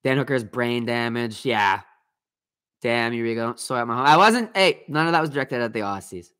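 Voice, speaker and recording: A man's voice: medium pitch, animated, moderate pace, fairly bright tone, clear, resonant tone. A man hosting a casual livestream, ranting heatedly and swearing often while reacting to his chat. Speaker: livestream host.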